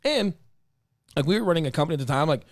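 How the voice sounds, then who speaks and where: Animated man telling a story, lively voice. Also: a little high, rapid-fire, dry recording, studio quality. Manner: animated, laughs often, swears casually. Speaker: podcast host. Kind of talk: casual storytelling chat.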